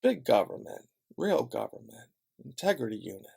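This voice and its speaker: Male vlogger, gravelly voice, sarcastic profane direct-to-camera rant, mid-range pitch. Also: very animated, moderate pace, dark tone. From Chicago.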